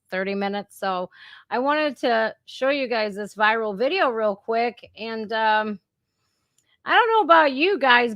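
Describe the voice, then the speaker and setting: Brief: woman reaction host, slightly high voice, indignant and conversational, dry close sound. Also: fairly bright tone, no echo. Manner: indignant, conversational, addresses viewers directly. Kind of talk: impromptu live stream commentary.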